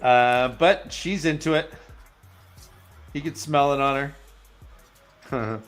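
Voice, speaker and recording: A man's voice: medium pitch, takes it slowly, soft background music. A man casually recapping book chapters on a chat show, loose and joking, sliding into playful character voices and crude asides. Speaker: podcast host recapping chapters.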